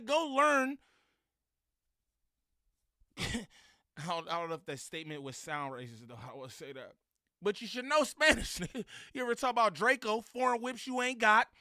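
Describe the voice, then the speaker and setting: A man hosting a casual reaction commentary, ranting in a profane, animated way between laughs. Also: very high-pitched, no echo, studio quality. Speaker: show host reacting to clips.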